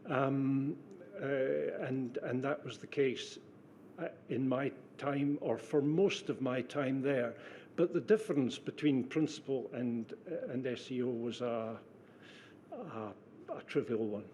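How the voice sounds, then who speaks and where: An older man giving formal testimony as a witness, precise and measured, pausing with fillers. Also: mid-range voice, darkish tone, a little hiss or hum. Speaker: witness, former civil servant.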